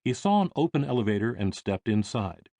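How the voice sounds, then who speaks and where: A man reading an audiobook in measured, expressive scripted narration. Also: fairly low pitch, vocal fry, no room sound, studio quality.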